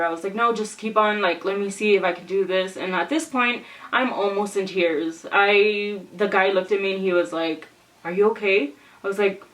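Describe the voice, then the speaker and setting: Young woman, casual storytime vlogger, lively and exclaiming, mic a little distant. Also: medium pitch. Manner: animated, exclaiming, acts out quotes.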